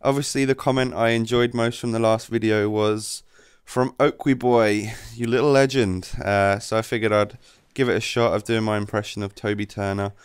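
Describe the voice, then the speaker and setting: Chill guy rambling thru game tips, lowish smooth voice, dry close mic. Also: normal speed, no echo. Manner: relaxed, rambling explanations. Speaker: gameplay commentator. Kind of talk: casual gameplay commentary.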